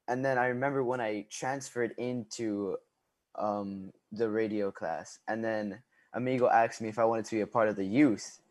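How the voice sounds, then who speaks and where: A man's voice: fairly low pitch, steady tone, normal speed, darkish tone. A teenage boy on student radio looks back thoughtfully, hesitating at times. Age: teens. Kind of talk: reflective casual chat on radio.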